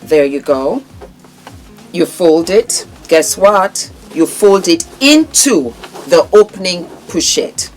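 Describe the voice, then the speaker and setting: Nigerian-accented woman, low voice, effusive product vlog, faint music behind. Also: animated, slow, darkish tone. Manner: effusive, calls viewers "my darling". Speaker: vlogger presenting products. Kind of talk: chatty product showcase.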